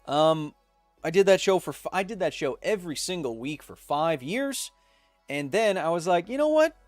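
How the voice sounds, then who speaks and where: Between coughing fits, a livestream host in his thirties reads chat messages aloud and riffs on them with quick, joking asides. His voice is a little high and animated. The recording is dry, with faint music in the background.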